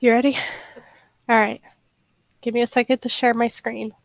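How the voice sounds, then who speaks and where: A young woman streamer chatting casually and haltingly, with many fillers. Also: fairly high pitch, little pitch movement, gravelly, no echo. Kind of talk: casual livestream chat.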